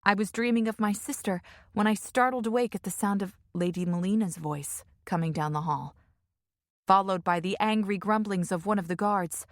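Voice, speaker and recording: A woman reading a first-person fantasy audiobook in a measured, emotive way on a close studio mic. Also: medium pitch, no room sound. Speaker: audiobook narrator.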